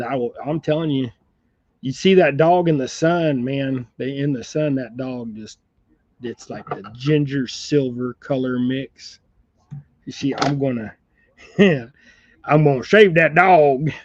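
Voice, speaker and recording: A man's voice: medium pitch, no room sound. A man hosting a casual jig-tying chat at his bench indoors, rambling and laid-back, laughing often. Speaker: fly and jig tier, channel host. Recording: dull lo-fi dry sound.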